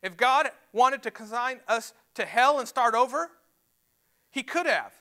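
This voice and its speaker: A man's voice: extremely high pitch, expressive, unhurried, pushed and bright. A man preaching a sermon to a church, emphatic and repeating words as he builds his points. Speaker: pastor. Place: church sanctuary.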